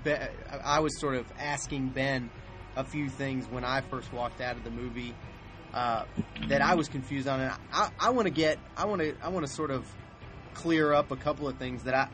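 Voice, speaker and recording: A man's voice: mid-range voice, normal speed, music in the background. A man hosting a podcast, talking casually about a movie with many restarts and hesitations. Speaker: podcast host.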